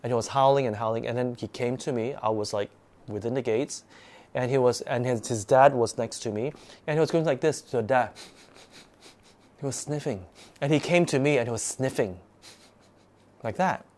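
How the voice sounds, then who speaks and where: Animated man telling a spooky story. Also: medium pitch, moderate pace, pauses often. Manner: animated, repeats words while telling. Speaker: guest storyteller. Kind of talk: casual spoken ghost story.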